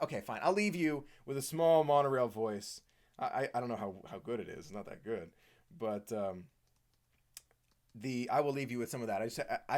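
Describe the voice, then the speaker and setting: A man from the Washington, D.C. area hosting a live stream Q&A, chatty, reading viewer comments aloud and answering them. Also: mid-range voice. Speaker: host.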